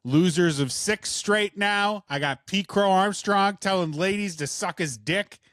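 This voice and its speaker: A man's voice: sits high, measured pace, a bit bright. A man co-hosting a casual chat, ranting with heavy swearing. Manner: profane, ranting. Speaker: podcast co-host.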